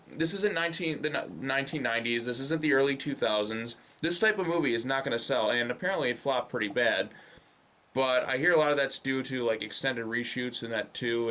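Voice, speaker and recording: A young man talks through a film review in a loose, casual way. He swears freely and slides into sarcastic rants. His voice sits at an ordinary middle pitch. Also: pushed and bright. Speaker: movie reviewer.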